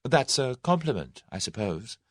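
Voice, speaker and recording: Man doing a young woman, proud and quick-tempered, sharp retorts, raised pitch, lively swings. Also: no echo, studio quality. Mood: spirited.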